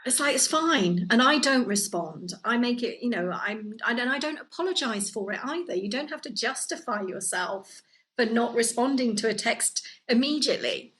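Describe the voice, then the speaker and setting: A woman's voice: a little high, expressive, normal speed, fairly bright tone, low-quality recording. A woman co-hosting a podcast, talking in a casual, earnest way and giving advice, with many fillers and restarts. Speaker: podcast co-host. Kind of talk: casual conversational chat. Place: living in Italy.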